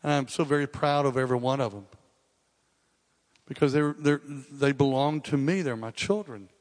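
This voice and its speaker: A male pastor with a mid-range voice preaches at normal speed, his sermon carrying the long reverb of a large hall. He speaks earnestly and conversationally, repeating and restarting phrases for emphasis.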